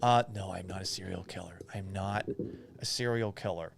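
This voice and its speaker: Profane, joking live-stream host. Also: male voice, low voice, moderate pace, gravelly. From Boston. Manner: casual, profane, joking with viewers. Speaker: podcast host. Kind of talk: live-stream chat reading. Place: home office.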